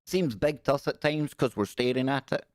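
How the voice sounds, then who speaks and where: A man's voice: mid-range voice, normal speed, dry recording, clean studio sound. A man hosting a casual livestream, joking wryly and reading news passages aloud. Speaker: livestream host. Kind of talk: casual live-stream commentary.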